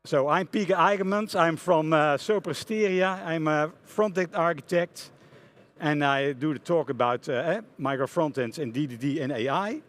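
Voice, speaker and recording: A middle-aged man with a Dutch accent speaks from a conference stage. His voice sits somewhat high for a man. He tells his story in an animated way, stopping often to restart his sentences. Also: moderate pace. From Netherlands. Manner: animated, many hesitations and restarts. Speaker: conference speaker, front-end architect.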